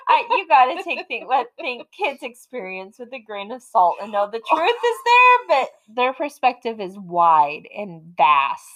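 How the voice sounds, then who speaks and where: A middle-aged woman co-hosting a podcast in casual chat, laughing often as she tells animated stories. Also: fairly high pitch, unhurried, hardly any pauses, rough recording. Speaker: podcast co-host.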